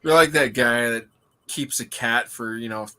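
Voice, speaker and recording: A man's voice: mid-range voice, normal speed, sharp tone, clear, resonant tone. A man co-hosting a casual livestream podcast, tossing in dry teasing quips. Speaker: podcast co-host.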